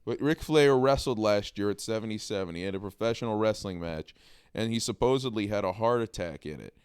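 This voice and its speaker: A man's voice: fairly low pitch, a little fast, darkish tone, clean tone, no room sound, studio quality. A man co-hosting a casual podcast chat, blunt and opinionated, laughing often. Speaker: podcast co-host.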